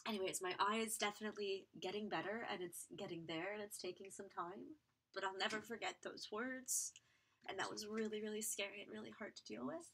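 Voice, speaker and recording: Bright-voiced young woman sharing a personal story. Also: mid-range voice, fairly even intonation, breathy edge. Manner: candid, halting, many fillers, reads viewer comments aloud. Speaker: beauty vlogger and live streamer. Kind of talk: personal story told on a live stream.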